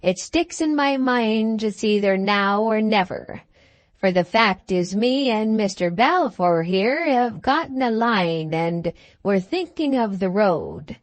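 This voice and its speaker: A woman voicing a bold, mocking Scottish outlaw man in a storybook, with a Scottish accent and drawn-out, teasing speech. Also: medium pitch, expressive, no echo. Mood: firm.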